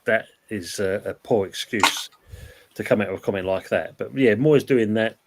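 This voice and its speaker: A fairly low-voiced man hosts a relaxed live-stream chat about football. He talks in a loose, rambling way and stops now and then to read viewer comments aloud. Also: normal speed, background noise. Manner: chatty, reads out viewer comments. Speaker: host.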